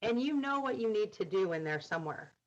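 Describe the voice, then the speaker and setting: A woman's voice: mid-range voice, animated, brisk, lo-fi sound. A middle-aged woman telling candid stories in conversation, acting out quoted dialogue with humor. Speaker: guest.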